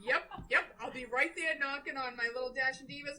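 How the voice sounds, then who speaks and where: A woman's voice: high voice, a little fast, sharp tone, low-quality recording. A middle-aged woman, co-hosting a casual chat, chatty and self-deprecating, laughing at herself. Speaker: podcast co-host, nurse.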